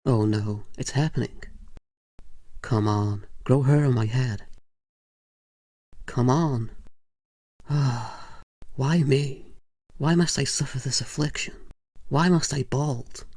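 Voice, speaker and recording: A man's voice: medium pitch, takes it slowly, long pauses, darkish tone, no room sound. A man voicing a gloomy, melodramatic male cat panelist with a mournful, self-pitying way of talking.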